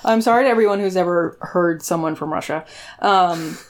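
Woman, podcast co-host, casual chat, fast animated storytelling. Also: fairly low pitch. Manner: quick, animated storytelling with acted quotes. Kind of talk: casual chat recapping a show.

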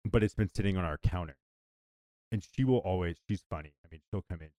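A man co-hosting a podcast, chatting casually and telling stories in an animated way. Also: low voice, quick pace, dry recording, studio quality. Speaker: podcast co-host.

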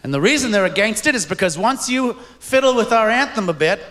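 A man doing stand-up before a live audience, shouting out his punchlines. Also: high voice, expressive, brisk. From Canada. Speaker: stand-up comedian. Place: stage in a large room with an audience. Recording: echoey live recording with crowd noise.

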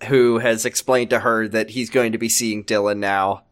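A man co-hosting a casual chat recapping a show, playful and quick to laugh. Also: lowish voice, steady tone. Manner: playful, laughs often, does hammy character voices. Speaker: podcast co-host.

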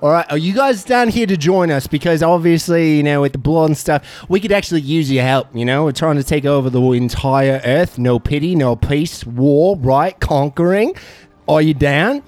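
A man's voice: fairly high pitch, moderate pace, a little mellow, dry recording, close to an everyday voice. A man voicing a swaggering young female gang member in a put-on British-Australian accent, brash and swearing in a tabletop game. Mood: recruiting.

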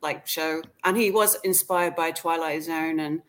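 Chatty British woman, lowish voice. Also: a little slow. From England. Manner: chatty, many "like" and "um" fillers, frequent restarts. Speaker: actor and acting coach, guest. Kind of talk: casual podcast interview.

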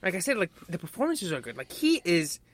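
A man's voice: high-pitched, huge pitch swings, a little fast, fairly bright tone. A man in casual chat about a film, talking animatedly, swearing freely and acting out the characters' lines.

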